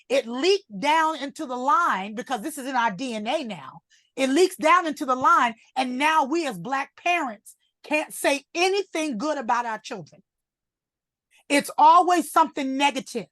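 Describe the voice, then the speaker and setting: A woman's voice: sits high, a bit bright, no echo, studio quality. A woman giving emotional, fervent testimony in a faith group question-and-answer session. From United States. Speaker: group member.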